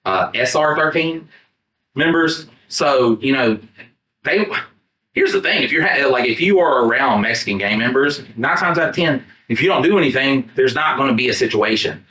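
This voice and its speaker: A man co-hosting a podcast tells a rambling story in casual chat and acts out his own lines along the way. His voice is bright and forceful. He is recorded from across an echoey room, not up close on a mic. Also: mid-range voice, moderate pace. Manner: animated, profane, acts out his own quotes. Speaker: podcast co-host. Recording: roomy sound from a distant mic, not the podcast mics.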